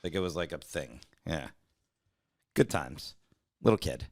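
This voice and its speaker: A man co-hosting a comedy podcast in casual chat, riffing and jumping into quick impressions of people. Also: extremely low pitch, expressive. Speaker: comedian co-host.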